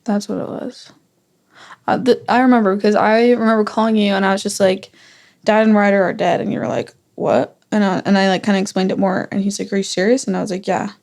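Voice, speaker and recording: A young woman speaks in a casual family conversation, her mid-pitched voice carrying a gravelly fry. She retells events in a loose, rambling way, full of "like" and restarts. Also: flat delivery, brisk, a little mellow. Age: young adult. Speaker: guest.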